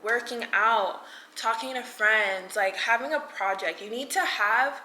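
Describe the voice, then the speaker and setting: A woman's voice: fairly high pitch, a little slow, pushed and bright. A woman in her twenties gives an earnest, chatty motivational talk to camera, full of "like" fillers. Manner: earnest and chatty, many "like" fillers, laughs between points. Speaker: vlogger. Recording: echoey room with faint noise.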